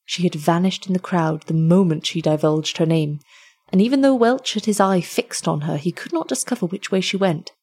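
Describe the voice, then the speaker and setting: A woman reading an old tale aloud in a measured, expressive way. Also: lowish voice, breathy edge. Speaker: storyteller.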